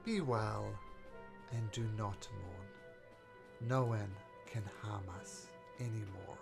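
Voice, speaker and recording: A man voicing a gentle, motherly ghost who speaks softly and calmly to her son. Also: on the low side, slow pace, gravelly, music in the background. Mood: tender. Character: grieving ghostly mother, tender and calm.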